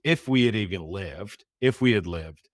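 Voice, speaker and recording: Man, middle-aged, interview guest, deep voice, dry close sound, acts out quoted lines. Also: normal speed, no echo. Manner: vivid, animated retelling with quoted dialogue. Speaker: guest, former Navy SEAL. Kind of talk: storytelling in an interview.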